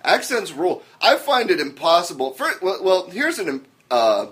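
A middle-aged man with a bright, forceful voice, trading crude jokes on a podcast. His pitch leaps around and sits a little high for a man, and he bursts into loud cackling laughs. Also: big pitch swings, normal speed. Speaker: podcast co-host. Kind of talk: crude comedic banter.

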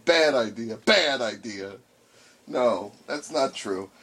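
A man's voice: medium pitch, lively intonation, takes it slowly, a bit bright, breathy edge. A man in casual chat, defensive and profane, often laughing while he argues.

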